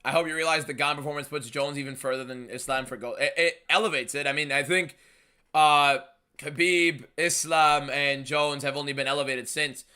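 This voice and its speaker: A young man hosting a live fight watchalong, reading viewer messages aloud and talking in an emphatic, shouty way. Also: fairly high pitch, steady tone, moderate pace, smooth. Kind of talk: live stream chat and fight commentary.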